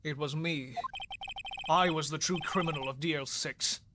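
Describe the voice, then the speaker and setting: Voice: mid-range voice, fairly even intonation, moderate pace, background noise, lightly acted. A gamer reading as a brooding prosecutor. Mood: grave. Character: brooding male prosecutor narrating inner thoughts. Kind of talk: live game voicing.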